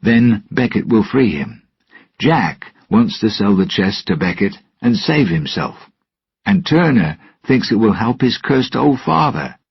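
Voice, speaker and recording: A man's voice: on the low side, big pitch swings, measured pace, vocal fry, breathy edge, dry recording, highs cut off, voice pushed up, exaggerated voice. A man reading a storybook aloud and voicing a simple pirate earnestly explaining things. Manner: explaining, slightly raised.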